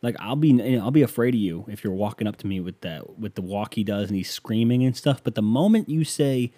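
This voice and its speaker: An American podcast host delivers a rambling, sarcastic monologue into a close mic. His voice is lowish and dark, with lively intonation and a brisk pace, and there is no room sound.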